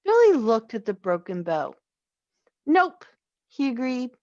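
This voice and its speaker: A woman reading a children's story aloud, slow and expressive. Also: fairly high pitch, no echo, dull audio. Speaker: story reader.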